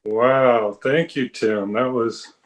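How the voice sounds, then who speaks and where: A man's voice: medium pitch, fairly even intonation, takes it slowly, low-quality recording. A man doing a stand-up set built on self-deprecating, dry jokes. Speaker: stand-up comic.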